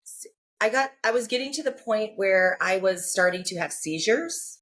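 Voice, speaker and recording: Animated and at normal speed, her medium-pitched, fairly bright voice tells her own story candidly as a podcast guest. She often performs other people's quoted words and leans heavily on "like" and "you know."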